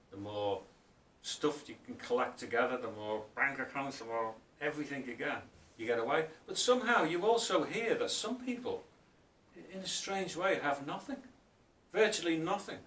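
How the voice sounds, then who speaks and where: A man giving a spiritual talk as author and speaker, telling stories in a reflective way and slowing down for emphasis. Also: animated, fairly bright tone. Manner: storytelling, reflective, often slows for emphasis. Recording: roomy, distant mic, faint rumble.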